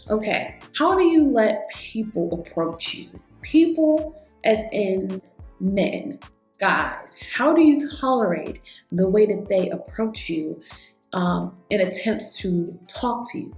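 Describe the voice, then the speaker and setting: A woman beauty vlogger chatting casually while doing her makeup, an animated storyteller who talks straight to her viewers. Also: medium pitch. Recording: echoey room with faint background music.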